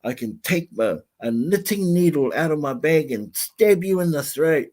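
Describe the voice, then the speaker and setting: A man's voice: a little high, animated, normal speed, darkish tone, voice pushed up, natural voice. A man voicing a feisty, very old woman who defiantly lists the ways she could fight off a mugger. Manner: defiant, listing threats.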